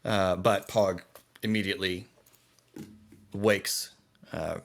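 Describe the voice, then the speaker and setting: Low-pitched male game master, halting, self-correcting, casual. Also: steady tone, gravelly. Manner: hesitant, corrects himself often. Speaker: dungeon master. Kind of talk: narrating a tabletop game.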